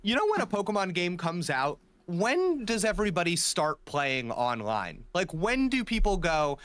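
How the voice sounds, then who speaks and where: Animated, bright-voiced man. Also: high-pitched, moderate pace, no echo. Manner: animated, eager storytelling. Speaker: guest on a podcast. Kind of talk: casual chat.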